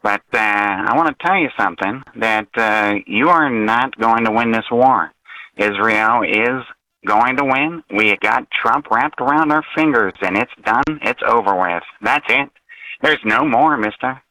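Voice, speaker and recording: A man calling in to a talk show, speaking in an exaggerated put-on voice with slow, drawn-out, taunting delivery. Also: medium pitch, sharp tone, no echo, low-quality recording. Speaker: caller. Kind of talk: phone-in call to a talk show.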